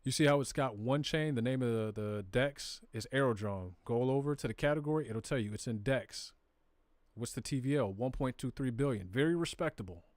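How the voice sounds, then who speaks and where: A man's voice: mid-range voice, fairly quick, darkish tone, no echo. A man with a Southern US accent hosting a live crypto stream, walking viewers casually through charts and data in plain, slangy talk. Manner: conversational, talks to viewers directly, slips into slang. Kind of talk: casual screen-share walkthrough.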